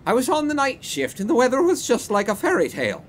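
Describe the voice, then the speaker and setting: A drunken old Irish porter. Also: male voice, extremely high pitch, huge pitch swings, fast talker, slight background noise, pitched above the performer's own voice, exaggerated voice. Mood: awed, dramatic. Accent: put-on Irish. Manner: theatrical, sing-song, grandiose. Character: drunken old Irish dock porter, a man, awed and rambling.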